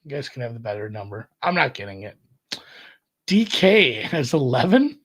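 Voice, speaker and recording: A man's voice: medium pitch, sing-song, normal speed, a bit bright, husky. Man rambling through live betting odds. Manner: rambling, thinks aloud while checking odds. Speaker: podcast host. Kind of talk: casual solo sports betting talk.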